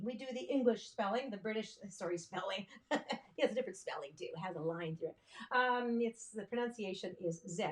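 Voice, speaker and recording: A woman hosting a music livestream, chatting and joking directly with her viewers between songs. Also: mid-range voice. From Canada. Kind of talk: casual chat between songs. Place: home livestream setup, in front of cameras.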